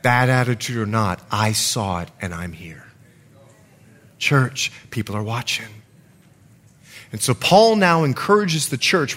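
Lively-voiced preacher man telling stories. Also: medium pitch. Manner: storytelling with lively acted quotes. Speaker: pastor. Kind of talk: sermon.

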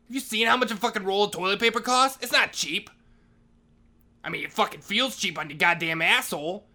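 A grumpy school janitor, played by a man, rants about his job, swearing at nearly every turn. The voice sits high and sounds bright and sharp. He grouses and curses his way through a comedy monologue. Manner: profane, ranting, swears constantly. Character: foul-mouthed grumpy male school janitor, always ranting.

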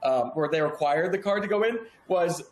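Animated, profane man in his thirties. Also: a little high, normal speed. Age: 30s. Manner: animated storyteller, profane, acts out dialogue. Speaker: podcast guest. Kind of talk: casual interview chat. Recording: echoey room with faint background hum.

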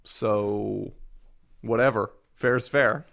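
A man co-hosting a podcast, chatting casually with wry remarks and frequent quick agreement. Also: on the low side, fairly even intonation, gravelly, fairly bright tone. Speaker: podcast co-host. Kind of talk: casual chat.

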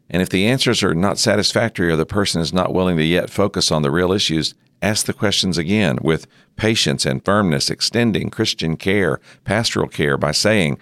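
A middle-aged man giving a measured teaching talk on pastoral care, sometimes acting out sample dialogue. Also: low voice, animated, fairly bright tone, no echo, clean studio sound. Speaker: seminary leader teaching on ministry.

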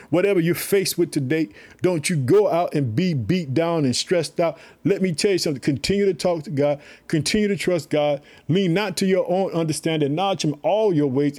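A man's voice: high-pitched, quick pace, darkish tone. A man preaching an informal online sermon, fervent and repetitive, calling his listeners family. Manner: fervent, repetitive calls of "guess what".

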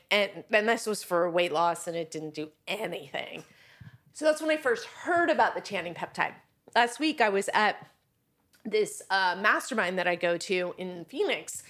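A woman's voice: mid-range voice, fairly bright tone. Chatty woman telling a story. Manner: chatty storyteller, acts out quoted people. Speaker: podcast guest. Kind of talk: casual chat.

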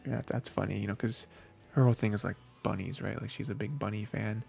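A man co-hosting a podcast, reviewing an anime in a loose, rambling way, full of fillers and quick quoted asides. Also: lowish voice, fairly even intonation, creaky, a little mellow. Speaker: podcast co-host. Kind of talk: casual anime review chat.

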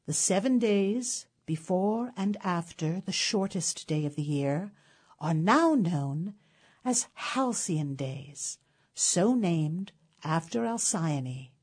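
A woman narrating a literary tale in a measured, expressive storytelling manner. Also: lowish voice, slightly rough.

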